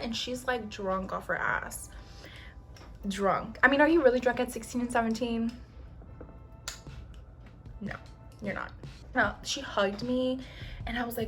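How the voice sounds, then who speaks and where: A young woman chatting casually while doing her makeup, telling a long story in an animated, slangy way, swearing often and acting out other people's lines. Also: medium pitch, normal speed, soft background music. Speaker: beauty vlogger. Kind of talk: get-ready-with-me storytime.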